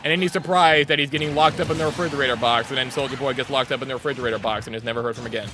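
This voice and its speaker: A young man live-streaming a game, ranting sarcastically in a casual, animated way. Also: medium pitch, rapid-fire, over music. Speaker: gaming streamer.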